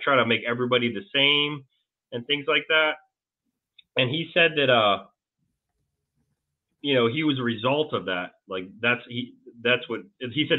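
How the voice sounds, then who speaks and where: A man being interviewed as a guest, telling a long story in a rambling, halting way with many restarts. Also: medium pitch. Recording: tinny phone-like line.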